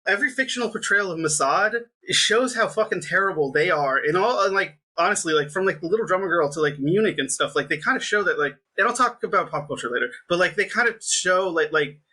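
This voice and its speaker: A man's voice: high voice, expressive, fast talker, few pauses, bright, forceful tone, breathy edge. A young man in casual conversation, rambling with constant fillers and sounding frustrated. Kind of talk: casual political chat.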